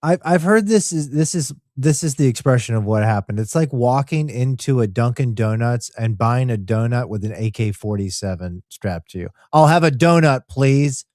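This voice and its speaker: A man co-hosting a relaxed podcast, joking around in an easygoing way. His voice sits mid-range for a man. The recording is dry and close. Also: mid-range voice, normal speed, few pauses, no echo. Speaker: podcast co-host. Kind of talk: casual chat.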